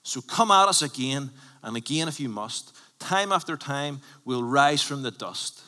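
A man preaching a sermon as a pastor, conversational and emphatic, swinging from loud bursts to hushed lines. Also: medium pitch, animated, measured pace, long reverb tail. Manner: emphatic, conversational preaching with sudden bursts and drops to near whisper. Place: church.

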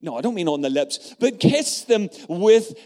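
A man's voice: high voice, very animated, normal speed, dark tone. A middle-aged man preaching a sermon, telling a story and often turning to address the congregation. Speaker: pastor.

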